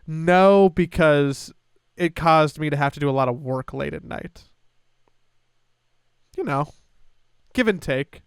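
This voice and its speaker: A young man with a fairly high, smooth and resonant voice tells a story on a podcast. He chats casually and animatedly, slipping into the voices of the people in his tale. The sound is close and dry, with no room around it. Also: slow pace, long pauses, dry recording. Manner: animated, acts out family members' voices. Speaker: podcast co-host.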